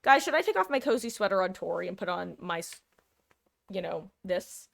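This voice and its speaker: A woman's voice: on the low side, animated, fairly quick, creaky. Chatty rambling woman streamer. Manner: chatty, rambling, self-interrupting, laughs often. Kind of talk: casual live-stream chat.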